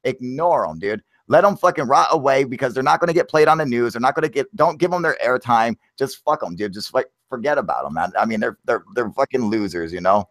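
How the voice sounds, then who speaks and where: A man's voice: mid-range voice, animated, fast talker, few pauses, a bit bright, no echo. A man hosting a casual talk show, ranting in a profane and emphatic way. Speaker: podcast host.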